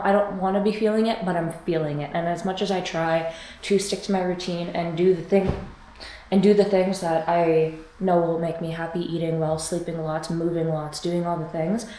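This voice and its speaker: A woman's voice: fairly low pitch, mellow, echoey room, rough recording. A woman vlogger talking casually and candidly, rambling and swearing freely as she shares her days. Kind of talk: casual chatty vlog.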